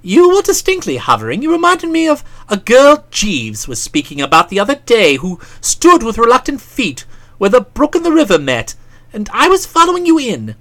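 A woman reading an audiobook who voices a breezy, chatty young English gentleman in a bright, jaunty manner. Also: a little high, wildly swooping pitch, normal speed, pitched above the performer's own voice, full character voice. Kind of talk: audiobook character voice.

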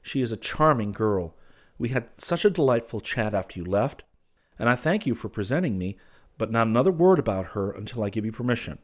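A man's voice: on the low side, animated, brisk. A man voicing a cheerful innocent young man. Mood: insistent. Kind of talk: audiobook character reading.

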